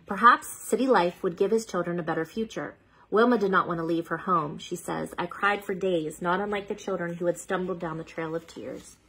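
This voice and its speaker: A woman's voice: fairly low pitch, a little fast, a bit bright, slightly rough, low-quality recording. A woman hosting a children's read-aloud, reading a picture book steadily and stopping now and then to sound out unfamiliar words.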